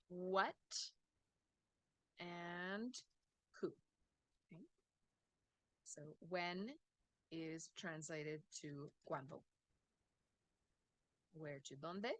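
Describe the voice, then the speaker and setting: A woman teaching English speaks slowly and patiently, often pausing to check that her students follow. Her voice is bright and a little low, and the sound is dry and close. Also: no echo. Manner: slow, patient explaining with frequent "okay?" checks. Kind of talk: online English lesson.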